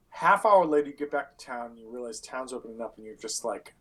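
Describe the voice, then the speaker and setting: A man's voice: medium pitch, lively intonation, quick pace, few pauses, a bit bright. A man running a tabletop game as game master, casual and profane, acting out scenes with sound effects.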